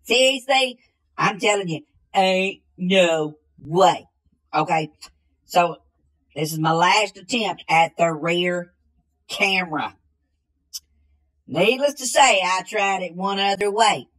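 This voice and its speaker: A woman playing a slow-witted, bumbling country man in a comedy sketch, drawling and repeating the same catchphrase. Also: on the low side, animated, a bit bright, heavily acted, rough recording.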